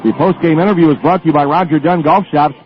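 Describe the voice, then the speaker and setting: A man calling a baseball game as the radio play-by-play announcer, excited on the final out. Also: on the high side, fast talker, soft background music. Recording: muffled AM radio broadcast.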